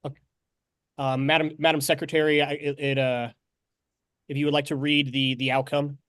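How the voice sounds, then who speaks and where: A man's voice: a little high, level tone, moderate pace, a bit bright, clear, resonant tone, no room sound, clean studio sound. Apologetic man running a meeting. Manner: apologetic, hesitant.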